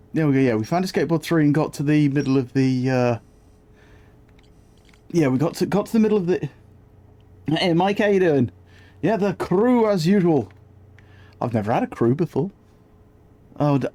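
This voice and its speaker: A man's voice: on the high side, warm tone. Rambling man streaming a game. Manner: rambling, scatterbrained, greets chat often. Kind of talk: live-stream gameplay chat.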